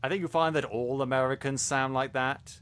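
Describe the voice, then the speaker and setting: A man's voice: mid-range voice, fairly even intonation, a little fast, fairly bright tone, clear, resonant tone. A man co-hosting a podcast, reviewing a series in casual chat, talking animatedly with many restarts and stumbles. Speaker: podcast co-host.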